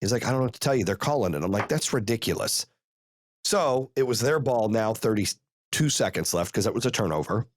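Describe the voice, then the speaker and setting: A man hosting a podcast, telling a story in a casual, profane, animated way and rattling off rapid play-by-play. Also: fairly low pitch, no echo, clean studio sound. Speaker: podcast host.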